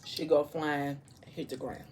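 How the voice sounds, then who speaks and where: A woman with a somewhat low voice chats over a meal in the style of a casual vlog. She retells a story in an animated way and throws in playful asides. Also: unhurried. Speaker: vlogger. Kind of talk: casual storytelling during a mukbang.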